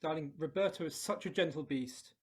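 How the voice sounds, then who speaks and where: A man playing a smooth, smug husband with a put-on British manner who calls everyone darling in a live improv comedy scene. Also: fairly high pitch, brisk. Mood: breezy. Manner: breezy, faux-British, says darling constantly. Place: live stage show.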